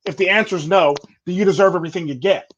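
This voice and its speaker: Fast, high-voiced man ranting bluntly. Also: fairly bright tone, highs cut off, a little hiss or hum. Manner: blunt, rambling, repeats set phrases. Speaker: podcast host. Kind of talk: casual chat.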